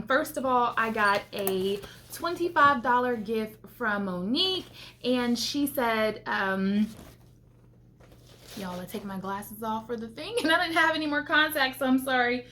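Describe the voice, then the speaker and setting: A woman vlogger who makes homemaking videos tells a faith-filled story to her viewers in a casual, lively way. She acts out what she and others said, laughs often, and her voice sits fairly high. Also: a little hiss or hum. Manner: animated, quoting herself and others, laughing often.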